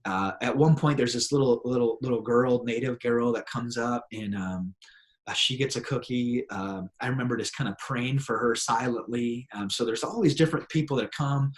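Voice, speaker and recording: A man, a pastor, telling personal stories in a relaxed conversational way and acting out the people in them. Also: mid-range voice, moderate pace. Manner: animated storyteller, acts out voices in his anecdotes. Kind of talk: conversational storytelling.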